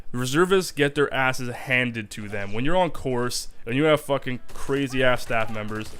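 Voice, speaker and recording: A man's voice: medium pitch, unhurried, fairly bright tone. A young man talking in a casual vlog, rambling and swearing heavily as he describes army reserve life. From Canada. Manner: profane, rambling, emphatic.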